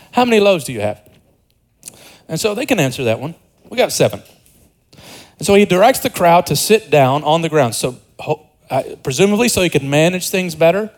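A man's voice: fairly high pitch, rough recording. A man preaching an expository sermon in a conversational way, repeating words and dropping joking asides.

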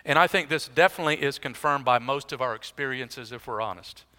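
A man's voice: medium pitch, fairly quick, bright, forceful tone, long reverb tail. A man preaching an expository sermon as pastor, in a conversational style with dry, self-deprecating asides.

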